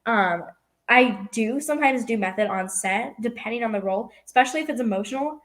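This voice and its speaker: A woman's voice: a little high, fairly quick, fairly bright tone. A young woman from California, an actress answering interview questions in a casual, filler-heavy way. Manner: youthful, heavy use of "like" and "um". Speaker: actress guest.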